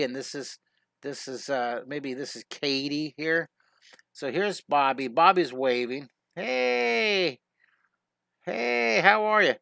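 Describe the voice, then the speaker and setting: Bright-voiced, upbeat male drawing teacher. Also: mid-range voice, dry recording, studio quality. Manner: upbeat and chatty, narrating as he draws; frequent restarts and self-corrections. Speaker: drawing teacher and show host. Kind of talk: live online drawing lesson.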